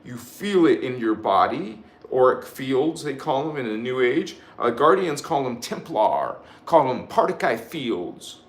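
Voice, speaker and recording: A man's voice: mid-range voice, big pitch swings, measured pace, few pauses, roomy sound. A man giving a live spiritual sermon, emphatic and repetitive, leading the listeners in chanted affirmations and often restarting his sentences. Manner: rambling with frequent restarts. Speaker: spiritual teacher hosting a live show.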